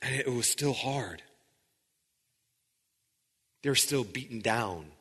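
A man preaching a sermon in a conversational way, with frequent restarts, sometimes dropping into quiet intensity. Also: mid-range voice, lively intonation, slow pace, breathy edge, long reverb tail. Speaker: pastor.

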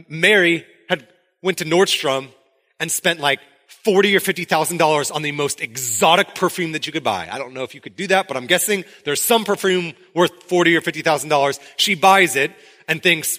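A man's voice: fairly high pitch, fairly quick. A man preaching a sermon in a conversational way, acting out quotes from the story as he goes. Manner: conversational, animated, acts out quotes. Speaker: pastor.

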